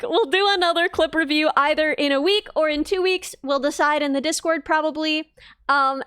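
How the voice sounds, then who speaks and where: A woman's voice: sits high, a bit bright, no echo, clean studio sound. A young woman, chatting casually on a live stream, giggly, rambling and self-mocking. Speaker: VTuber streamer.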